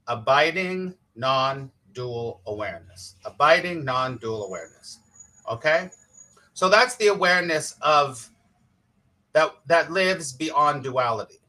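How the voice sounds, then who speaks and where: A man's voice: fairly high pitch, lively intonation, takes it slowly, long pauses, bright, forceful tone. A man, a spiritual teacher hosting a casual live-streamed morning talk, chatty and playful, laughing often and greeting viewers by name.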